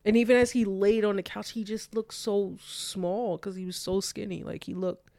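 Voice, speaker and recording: A young adult woman telling a personal story in a casual talk, animated and full of "like", acting out both sides of the dialogue. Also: medium pitch, normal speed, vocal fry, dry recording.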